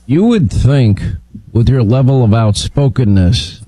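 A man hosting a talk radio show, brisk, emphatic and opinionated, speaking into a studio microphone. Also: medium pitch, dark tone, no room sound, poor audio.

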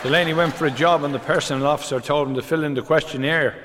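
An older man delivers stand-up one-liners in a dry, deadpan way. His voice sits a little high. The sound carries a long hall reverb, with clear crowd noise behind him. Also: quick pace. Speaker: comedian. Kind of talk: stand-up joke telling.

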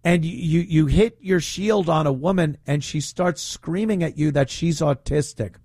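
A man's voice: a little high, moderate pace, a little mellow, no room sound, studio quality. A man hosting talk radio, speaking in a mocking, opinionated way. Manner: mocking, puts on whiny voices to ridicule. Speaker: radio talk show host.

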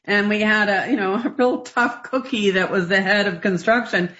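A woman's voice: mid-range voice, moderate pace. Radio co-host, woman, rambling anecdotal delivery, dull broadcast sound. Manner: rambling, animated, laughs often. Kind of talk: casual storytelling on radio.

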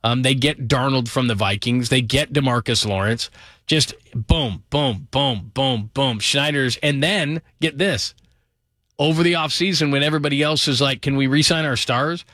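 A middle-aged man giving an energetic, emphatic sports talk monologue about football, piling up names and quick asides. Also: mid-range voice, no room sound, studio quality. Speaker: football commentator.

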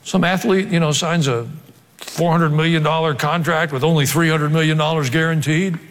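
A man's voice: fairly high pitch, fairly even intonation, normal speed, fairly bright tone. A male pastor preaching a sermon, swinging between joking asides and emphatic exhortation. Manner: humorous asides, emphatic rising delivery. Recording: long hall reverb.

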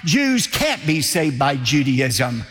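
A man's voice: a little high, big pitch swings, takes it slowly, a bit bright, breathy edge, in a large hall, soft background music. A male pastor delivering a sermon in an emphatic, declamatory way, driving points home by repetition.

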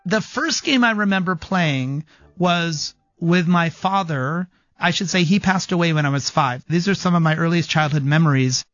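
Articulate male professor, higher voice. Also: moderate pace, a bit bright, no echo, muffled recording, faint music behind. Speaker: game designer and professor. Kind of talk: interview conversation.

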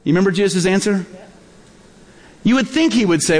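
A man's voice: high voice, expressive, brisk, long pauses, long reverb tail. A male pastor preaching a sermon, telling stories and acting out the dialogue in them. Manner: storytelling, acts out quoted dialogue.

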